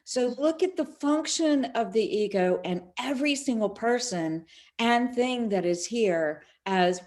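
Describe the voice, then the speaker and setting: A woman's voice: fairly high pitch, measured pace. A middle-aged woman, a spiritual speaker, telling stories in an interview and acting out the quoted dialogue. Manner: animated, acts out quoted dialogue. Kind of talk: storytelling in an online summit interview.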